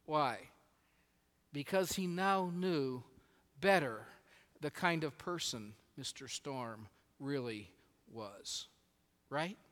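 A man preaching a sermon as pastor, telling a story in an animated way that often swings between loud and quiet. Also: on the high side, takes it slowly, pauses often, long reverb tail. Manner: animated storytelling with shifting volume.

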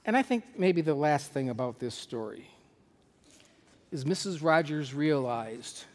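A man preaching a sermon, reading a children's story aloud and drawing lessons from it in a measured, reflective, earnest way, in a church sanctuary. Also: fairly high pitch, expressive. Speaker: pastor. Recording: long hall reverb.

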